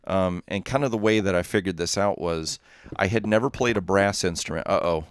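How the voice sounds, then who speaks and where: A man with a Southern Texas accent talks casually through a gaming livestream, his voice sitting a little low. He rambles through stories and stops to read viewer messages aloud and answer them. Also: fairly quick, clean tone. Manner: rambling, chatty, reads viewer chat aloud. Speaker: streamer.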